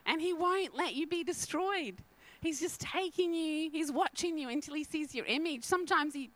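Woman preacher, high voice, bright and lively, laughs between lines. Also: moderate pace, dry recording, rough recording. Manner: animated, laughing often, storytelling. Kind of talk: sermon.

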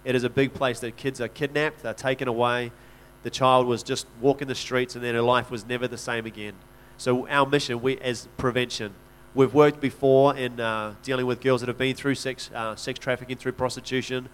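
In a church talk, a man speaking as a missionary shares personal stories in an earnest, conversational manner, frequently restarting his sentences. His mid-range voice holds a level tone at a moderate pace and sounds a bit bright.

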